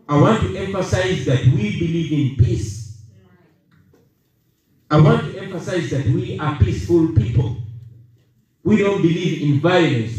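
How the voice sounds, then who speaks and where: A Ugandan man delivers a rallying speech with firm emphasis, pausing between phrases and repeating his key points. His voice sits a little high for a man. It rings through a very echoey room and is heard from some distance from the mic. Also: a little mellow. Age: 30s. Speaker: political speaker.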